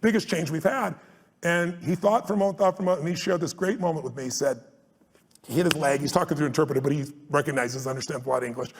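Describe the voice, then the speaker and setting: A man's voice: on the high side, racing, breathy edge. A man speaking to a live audience in a large hall, telling stories and driving home his points in an emphatic, blunt way. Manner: emphatic and blunt, swears for force, acts out anecdotes. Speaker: speaker and guest on a live stage tour. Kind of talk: motivational storytelling to a live audience. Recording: long hall reverb at a live event.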